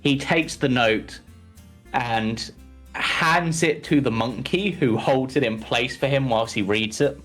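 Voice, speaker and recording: A man's voice: mid-range voice, takes it slowly, fairly bright tone, soft background music. A man narrating as game master of a tabletop game, amused as he describes the scene.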